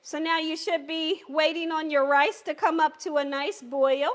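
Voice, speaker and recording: A woman's voice: sits high, fairly even intonation, normal speed, fairly bright tone. A woman hosting a live cooking stream from her home kitchen, chatty and encouraging, talking straight to her viewers. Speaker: cooking channel host.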